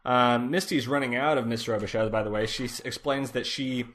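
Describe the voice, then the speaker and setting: A man co-hosting a casual podcast, recapping a TV episode in a relaxed way, with lots of fillers. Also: mid-range voice, a little fast. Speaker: podcast co-host.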